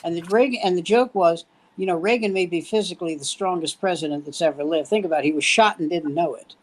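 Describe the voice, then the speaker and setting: An older man, a veteran comedian, telling animated anecdotes in a casual chat with punchy joke delivery. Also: a little high, fast, rough recording.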